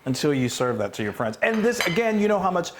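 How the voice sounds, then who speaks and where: A man's voice: a little high, very animated, fast talker, noisy background. A man from Texas, co-hosting a cooking show in a chatty, gushing way. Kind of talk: casual cooking demo chat.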